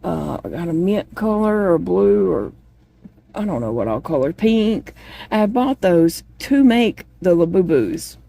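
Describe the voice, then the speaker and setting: A woman chats with her viewers as she crochets at home, wandering easily from one thought to the next. Her voice sits on the low side, with a mellow, unhurried tone. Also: very animated, creaky, no echo. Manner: rambling, chatty, talks to viewers. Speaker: vlogger. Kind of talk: casual chat while crocheting.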